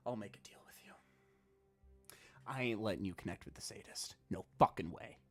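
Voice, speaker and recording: A man voicing a bitter, vengeful female ghost warlock who swings from hushed whispers to snarls. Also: extremely low pitch, brisk, soft background music. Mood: menacing.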